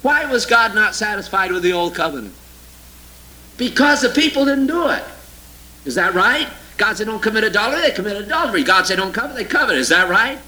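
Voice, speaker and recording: High, sharp-voiced sarcastic male preacher. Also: a little fast, slight background noise, poor audio. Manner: sarcastic, mocking; animated, swinging from loud exclamations to low asides. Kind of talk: sermon with scripture reading.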